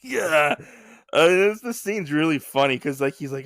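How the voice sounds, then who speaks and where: A podcast co-host with a slightly high voice and moderate pace retells a comic chapter, animatedly acting out what the characters say. The show is casual, and the studio sound is clean with no echo.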